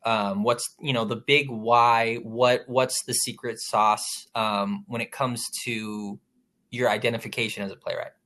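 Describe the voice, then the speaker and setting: A man's voice: medium pitch, fairly even intonation, a little slow, bright, forceful tone. A man moderating a roundtable discussion with playwrights, speaking casually with frequent ums and restarts. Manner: hesitant, many ums and restarts.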